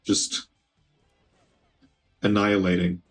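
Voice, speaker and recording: A man's voice: low-pitched, flat delivery, slow pace, a bit bright, soft background music. A man streaming gameplay, chatting casually and talking back to the game, with an occasional swear. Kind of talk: live gameplay commentary.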